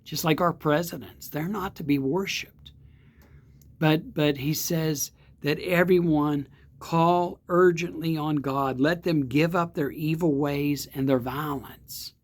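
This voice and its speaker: A man, a pastor, giving a devotional sermon in a slow, earnest way with emphatic repeats. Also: on the high side. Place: outdoor or home setting, not in church.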